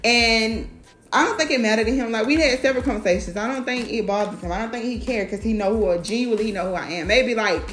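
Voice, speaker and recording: A woman talking in a casual, blunt and profane monologue, telling her stories with lots of animation. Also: medium pitch. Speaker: mother talking to camera. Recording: roomy sound with faint music.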